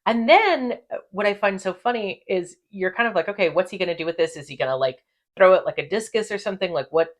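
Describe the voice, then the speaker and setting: A woman hosting a casual recap chat, animated and profane, laughing often. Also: medium pitch, quick pace. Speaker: podcast host.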